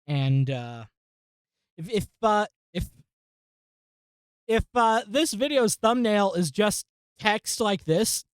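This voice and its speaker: A woman hosting a casual tech vlog, talking through a software install and muttering to herself in exasperation, with frequent swearing. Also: medium pitch, expressive, slow pace, pauses often, clear, resonant tone, no room sound, studio quality. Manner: addresses viewers as folks and guys. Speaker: tech channel host.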